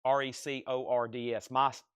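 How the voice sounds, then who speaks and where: A man with a smooth, clear voice hosts a live vinyl sale, reading out titles and prices in quick, upbeat patter. He speaks with his own accent, and the close mic keeps the sound dry. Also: mid-range voice, flat delivery, no echo. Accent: regional accent he mentions himself. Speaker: live-stream vinyl record seller. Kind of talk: live sales stream, reading out items and buyers.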